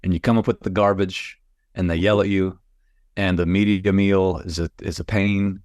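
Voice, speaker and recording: A man's voice: sits low, little pitch movement, moderate pace, a little mellow, dry recording, clean studio sound. A man co-hosting a casual podcast as a sports columnist, joking wryly and laughing as he talks. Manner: joking, wry, laughs while talking.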